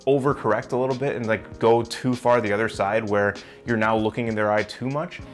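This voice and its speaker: A young self-improvement vlogger gives blunt, emphatic advice in a casual video, coaching the viewer directly and swearing now and then. His voice is fairly low and fairly quick with fairly even intonation, over soft background music.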